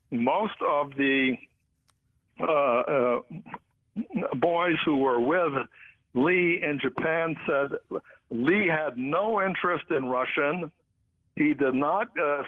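A man who is a guest author, talking in a halting way with many filler sounds. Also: medium pitch. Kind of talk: phone interview. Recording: tinny phone line.

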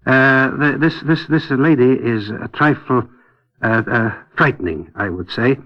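A man talking as a guest on a radio discussion, hesitant and wry, full of pauses and restarts, on a dull old radio recording. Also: medium pitch. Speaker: guest commentator.

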